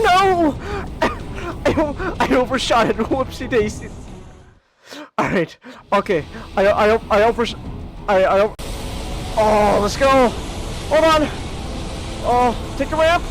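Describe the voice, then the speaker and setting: A man streaming a game in casual chat, excitable, exclaiming and stammering as he plays. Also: high-pitched, slow, long pauses, background noise.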